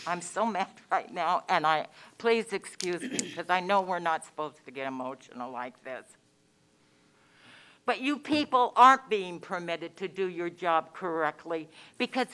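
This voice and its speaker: A woman's voice: fairly low pitch, expressive, moderate pace, a bit bright, clear, resonant tone. A woman giving public comment at a county meeting, angry and emphatic, repeating her points.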